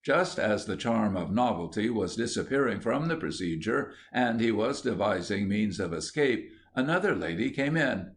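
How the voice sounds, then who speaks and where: A man reading an audiobook in a measured, wry storytelling voice. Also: lowish voice, lively intonation. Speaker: audiobook narrator.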